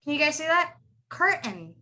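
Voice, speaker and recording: Bright-voiced woman teaching pronunciation. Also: fairly high pitch. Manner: repeats words slowly, asks students to echo them. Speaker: accent tutor. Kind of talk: online pronunciation lesson.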